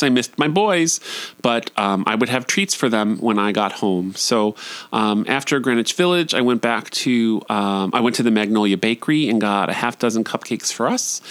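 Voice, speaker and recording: A man's voice: a bit bright, dry recording. Male storyteller, comic and confessional, mid-range voice, dry close recording. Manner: comic, confessional, jumps into high voices for quoted lines. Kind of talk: personal storytelling monologue.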